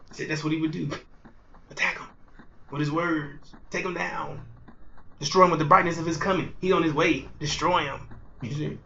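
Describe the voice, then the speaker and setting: A man with a high voice preaches in a fiery, repetitive way, keeps asking his listeners if they see, and swings from shouting bursts to quiet mutters. The recording is dull and lo-fi, with a faint hiss underneath. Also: fairly even intonation, moderate pace, vocal fry, pauses often. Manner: swings between loud outbursts and low murmurs. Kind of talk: fiery street sermon.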